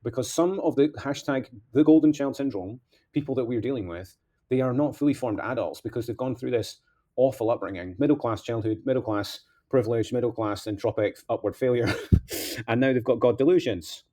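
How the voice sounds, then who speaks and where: A man's voice: medium pitch, lively intonation, quick pace, mellow. A man delivering a rambling political monologue as a candidate, impassioned, veering between outbursts and mutters.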